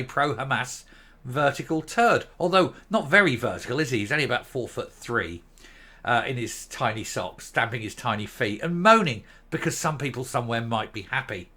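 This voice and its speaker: A man's voice: mid-range voice, pushed and bright. A middle-aged man hosting an opinionated political commentary show, sneering and scornful, with frequent ums and uhs. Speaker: host.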